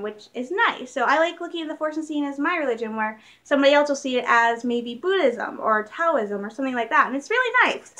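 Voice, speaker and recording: A young woman from Michigan chatting casually in a vlog, excitable and rambling, laughing often. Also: high-pitched. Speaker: vlogger. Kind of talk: casual chat.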